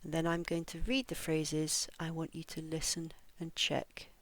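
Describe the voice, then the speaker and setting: In an online English pronunciation lesson, a woman explains each point and reads model phrases with slow, careful, over-articulated stress. Her voice is low-pitched and monotone, with no room sound.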